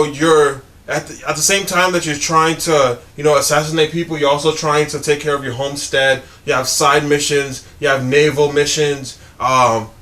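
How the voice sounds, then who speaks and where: A man's voice: on the high side, a bit bright. A young man co-hosting a gaming news show in casual, enthusiastic chat, often saying "you know".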